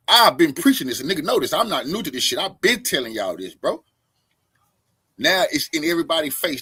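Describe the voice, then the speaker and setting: A man hosting and reacting with heated, profane commentary, swinging between loud outbursts and low mutters. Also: husky. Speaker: host reacting to a clip.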